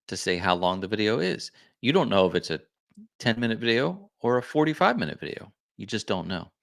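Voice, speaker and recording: A man's voice: on the low side, fairly bright tone. A man hosting a casual livestream, rambling and correcting himself as he chats with viewers. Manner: rambling, self-correcting, chatty. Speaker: livestream host.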